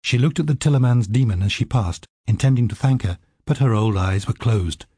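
A man narrating an audiobook in a steady, vivid storytelling manner. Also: mid-range voice, brisk, husky, dry recording, studio quality.

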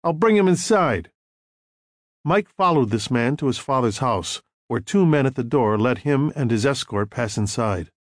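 A male audiobook narrator reading in a measured storytelling manner at a mid pitch. His intonation rises and falls in a lively way, and the recording is close and dry. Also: no room sound. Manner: measured storytelling with acted dialogue.

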